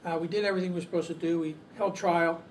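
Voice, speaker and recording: A man telling a story to a group, halting often on fillers. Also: fairly high pitch, steady tone. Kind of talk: casual storytelling. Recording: distant mic, faint background noise.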